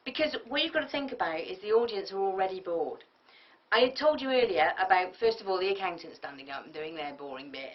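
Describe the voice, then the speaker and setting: A woman giving a business tutorial, lively and often acting out example speakers. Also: medium pitch. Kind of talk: tutorial lecture. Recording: muffled lo-fi audio from a distance.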